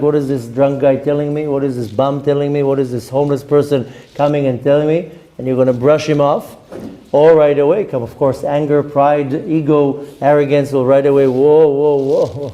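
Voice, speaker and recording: A man's voice: on the high side, warm tone, dull audio. A middle-aged man giving an informal Torah class, talking conversationally with many fillers and restarts and acting out quoted voices. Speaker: rabbi teaching a Torah class. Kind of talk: informal Torah lecture with personal stories.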